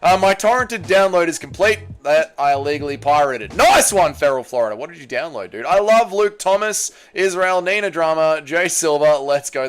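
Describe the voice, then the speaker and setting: Man, livestream host, blunt and jokey, animated pitch, fairly high voice, faint background music. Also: smooth. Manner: blunt, jokey, bouncy delivery. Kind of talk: casual livestream chat, reading chat messages.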